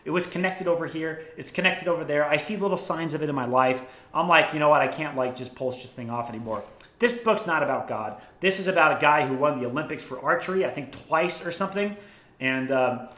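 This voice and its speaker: Bright-voiced, profane young man. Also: fairly high pitch. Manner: profane, enthusiastic storytelling. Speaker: vlogger. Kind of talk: casual book recommendations. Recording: echoey room.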